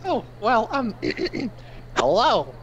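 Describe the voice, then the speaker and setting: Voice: medium pitch, big pitch swings, extremely slow, a crowd in the background, heavily acted. A player voicing a private detective character who speaks with mock-formal, flowery politeness. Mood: polite. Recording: slightly dull recording, faint noise.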